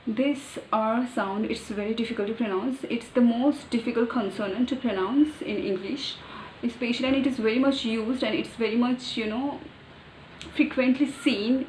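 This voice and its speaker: A woman's voice: fairly high pitch, moderate pace, slight background noise. A woman with an Indian accent, a native Marathi speaker, earnestly explaining pronunciation step by step in a casual monologue. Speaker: vlogger. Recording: echoey room with faint ambience.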